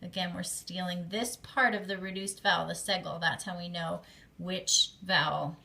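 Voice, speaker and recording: A woman's voice: lowish voice, steady tone, moderate pace, gravelly, pushed and bright. A woman teaching a class on Hebrew grammar, explaining step by step in a patient way with some fillers.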